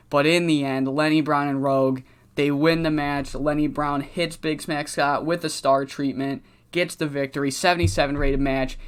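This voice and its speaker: A host giving casual, excitable commentary on a wrestling management game, swearing freely and laughing often. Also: mid-range voice, clear, resonant tone. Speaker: gaming video host.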